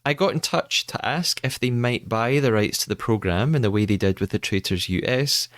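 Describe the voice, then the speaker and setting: A man's voice: medium pitch, normal speed, a bit bright, no room sound, clean studio sound. A man from the UK hosting a podcast, narrating news and chatting with a guest with upbeat, playful emphasis. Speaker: podcast host. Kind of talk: podcast narration and casual chat.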